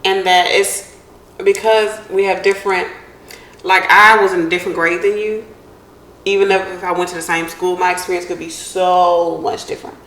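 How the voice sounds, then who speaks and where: A woman telling stories in a casual podcast chat, lively and laughing as she talks. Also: on the low side, moderate pace. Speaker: podcast co-host. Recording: echoey room, faint hiss.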